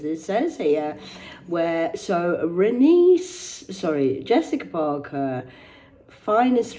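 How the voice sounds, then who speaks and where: A woman's voice: mid-range voice, a little mellow. A woman reading out celebrity news and ranting about it in a casual, rambling, sweary way. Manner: rambling, sweary, digressive, mock-indignant.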